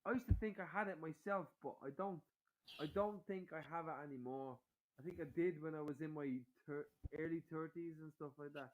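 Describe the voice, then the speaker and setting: Man, forties, high voice, casual stream chat, swears a lot, pushy banter. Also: brisk, a little hiss or hum, low-quality recording. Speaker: stream guest.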